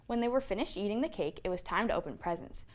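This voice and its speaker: A woman storyteller reading a children's picture book aloud in an expressive read-aloud manner. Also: medium pitch, fast talker, a little hiss or hum.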